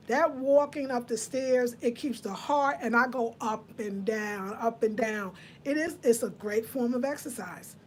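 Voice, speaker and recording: A woman in her fifties with a way of speaking, hosting a casual live chat. Her voice sits a little high. She talks to her viewers and answers their comments. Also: unhurried, few pauses, a little hiss or hum. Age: 50s. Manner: chatty, reads out viewer comments. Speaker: livestream host.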